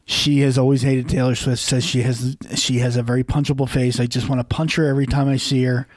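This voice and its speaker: A man co-hosting a casual podcast, chiming in with quick teasing wisecracks. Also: mid-range voice, flat delivery, darkish tone, no echo. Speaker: podcast co-host. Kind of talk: casual chat.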